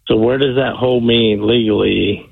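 A man's voice: medium pitch, fairly even intonation, unhurried, gravelly, slightly rough, no room sound. A man calling in to a radio show, speaking hesitantly with many ums and restarts, over a phone line. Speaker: caller.

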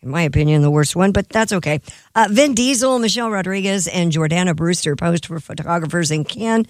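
A woman's voice: fairly low pitch, brisk, no echo. A woman reading an entertainment news segment on a radio show, slipping in wry asides.

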